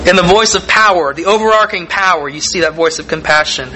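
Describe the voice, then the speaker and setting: Bright-voiced male preacher, measured delivery. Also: sits high, a little hiss or hum, poor audio. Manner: measured, deliberate delivery with emphatic pauses. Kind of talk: sermon with scripture reading.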